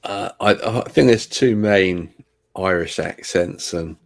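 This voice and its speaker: Gravelly low-voiced older Englishman. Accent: Southern English. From England. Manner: halting, hesitant delivery. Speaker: guest. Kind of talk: casual interview answers.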